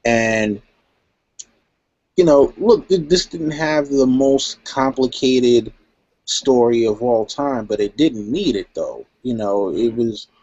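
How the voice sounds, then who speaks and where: A man's voice: mid-range voice, slow pace, a little mellow, no room sound. A man talking casually in a live chat, laid-back and rambling with "you know" and "um". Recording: dry, dull lo-fi stream audio.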